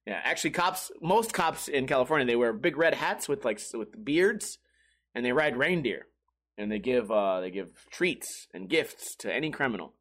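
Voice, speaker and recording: A young adult man chatting casually on a comedy podcast, animated and profane, laughing often and jumping into sudden high exclamations. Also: normal speed. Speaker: podcast co-host.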